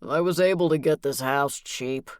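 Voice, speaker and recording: Woman playing a guilt-ridden older man in an audiobook: shaky, pleading, a touch raised in pitch, dry close sound. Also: moderate pace, no echo, close to an everyday voice. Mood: remorseful.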